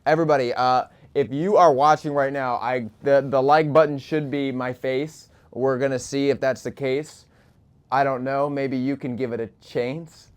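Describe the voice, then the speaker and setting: A man's voice: mid-range voice, steady tone, moderate pace, smooth. A man hosting a live talk show, joking and teasing between questions. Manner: joking, playful asides.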